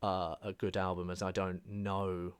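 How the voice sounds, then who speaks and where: A man's voice: sits low, level tone, a little slow, smooth, no room sound. A man hosting a music podcast in casual chat, joking dryly and hesitating often with "uh". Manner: dry jokey asides, frequent "uh" hesitations. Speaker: podcast host.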